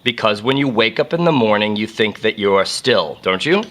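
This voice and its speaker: A man's voice: lowish voice, lively intonation, normal speed, fairly bright tone, slight background noise. A man giving a casual, jokey physics lesson full of playful asides. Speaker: physics teacher.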